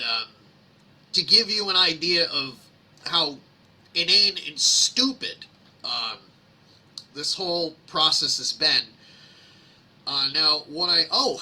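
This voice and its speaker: A man's voice: fairly high pitch, bright, forceful tone. A man reading complaints aloud on a live screen-share and mocking them with sarcastic asides, rambling with many fillers. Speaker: host reading public complaints. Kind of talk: casual screen-share commentary.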